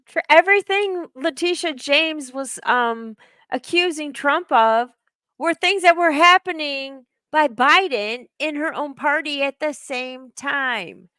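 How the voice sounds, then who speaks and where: A woman co-hosting a political talk show, chatty and animated. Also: high voice, takes it slowly, no room sound. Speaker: co-host.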